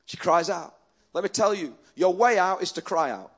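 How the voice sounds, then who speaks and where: A man with a fairly high voice preaches a sermon with earnest emphasis, stopping and restarting his sentences as he goes. He speaks as a pastor addressing his congregation. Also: animated, moderate pace.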